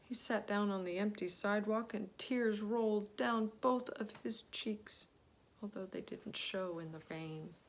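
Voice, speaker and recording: A woman storyteller reading a children's story aloud, expressive and often dropping to a hushed whisper. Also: mid-range voice, a little slow.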